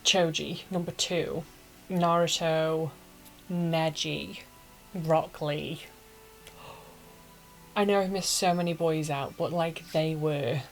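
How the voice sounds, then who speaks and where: Low-voiced gushing woman. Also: steady tone, slow, creaky, long pauses, faint music behind, rough recording. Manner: gushing, emotional fan with dramatic asides. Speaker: anime reviewer. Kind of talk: casual retelling.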